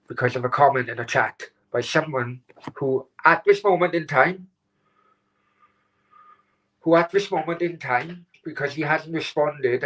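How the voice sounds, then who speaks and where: A man hosting his own live stream, upset and close to tears, talking haltingly with many restarts and some swearing. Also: medium pitch, a bit bright, low-quality recording. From Wales. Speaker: channel host.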